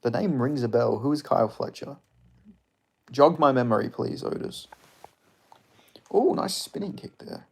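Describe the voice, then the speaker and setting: Gravelly excitable man. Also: medium pitch, measured pace, long pauses. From Australia. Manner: excitable, swearing, chatty reactions. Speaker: streamer. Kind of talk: live fight watch-along commentary.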